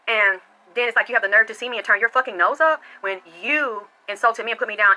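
A woman's voice: mid-range voice, pushed and bright, rough recording. A woman hosting a podcast, telling a personal story in a blunt, profane, emphatic way. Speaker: podcast host. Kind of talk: storytelling commentary.

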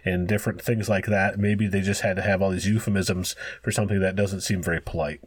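A man's voice: deep voice, fairly even intonation, fairly quick, breathy edge, dry recording. A man co-hosting a casual podcast, easygoing and bantering. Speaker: podcast co-host. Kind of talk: casual chat.

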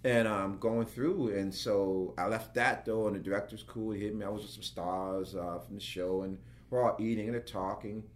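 A man's voice: moderate pace, hardly any pauses. A man, a working actor, telling an anecdote as a guest and acting out the voices of the people in it. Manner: lively, acts out quotes with big pitch jumps. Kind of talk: animated storytelling.

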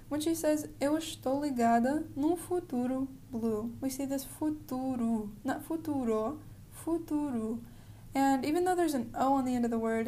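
A woman giving a pronunciation lesson in a friendly, explanatory way, slowing down to model words. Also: sits high, warm tone, a little hiss or hum. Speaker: language teacher.

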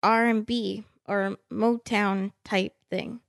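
A woman's voice: mid-range voice, fairly even intonation, vocal fry, dry recording, clean studio sound. A woman co-hosting a podcast, laughing and teasing herself in casual banter. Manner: laughing, self-deprecating, quick. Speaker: podcast co-host.

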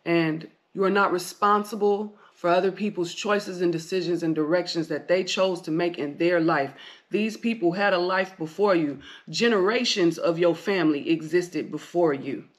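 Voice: mid-range voice, moderate pace. A podcast host giving blunt, heavily profane advice in a rambling solo monologue, hammering points home with repeated commands.

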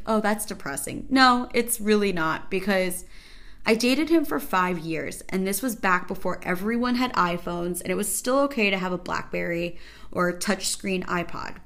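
A woman hosting a podcast, telling stories in a casual comedic way, animated and sarcastic, exaggerating for effect. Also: fairly low pitch. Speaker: podcast host.

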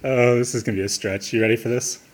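A man with a husky, slightly rough voice at a middle pitch. He co-hosts a casual podcast chat and reads out pun clues, then chuckles at his own jokes. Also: fairly even intonation, fast talker. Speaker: podcast co-host posing quiz clues.

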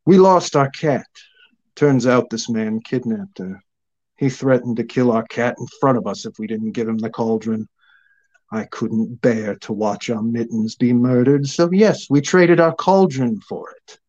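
A man's voice: medium pitch, unhurried, darkish tone, muffled recording, close to an everyday voice. A man voicing an angry, cruel old crone witch who snaps and sneers, in a storybook reading. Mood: resentful. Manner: snapping, sneering.

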